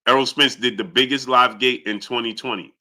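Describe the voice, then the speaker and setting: Bright-voiced, fired-up boxing host. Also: male voice, steady tone, brisk. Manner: heated, argumentative, rising pitch when indignant. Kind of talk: live-stream commentary.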